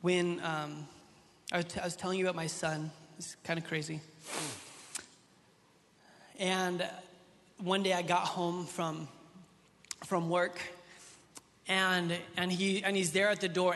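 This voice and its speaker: A man in his thirties preaching a sermon, swinging from loud, soaring lines to quiet, intimate ones, telling stories in a casual, chatty way. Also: high-pitched. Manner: impassioned preaching, rises loud then drops soft. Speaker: pastor. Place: church hall. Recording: echoey hall with long reverb.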